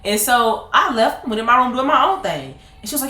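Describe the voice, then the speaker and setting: A woman in her twenties telling a personal story to her viewers in a casual, animated way, laughing often. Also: fairly high pitch, moderate pace, few pauses. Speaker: vlogger. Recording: roomy echo.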